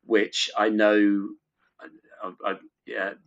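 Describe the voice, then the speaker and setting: A man's voice: fairly low pitch, monotone, very slow, fairly bright tone. A middle-aged man as a podcast guest, chatting fondly and rambling with many restarts. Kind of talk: casual chat. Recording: dull lo-fi recording.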